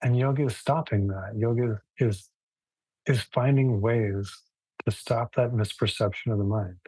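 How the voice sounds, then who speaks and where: A man with a husky, slightly breathy voice gives a casual live yoga lesson, thinking aloud as he goes. He speaks slowly, pausing and restarting his sentences. The sound is dry and close. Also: fairly low pitch, fairly even intonation, a little mellow, no echo, rough recording. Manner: casual, thoughtful, many restarts and fillers. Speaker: yoga teacher. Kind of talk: relaxed live class lecture.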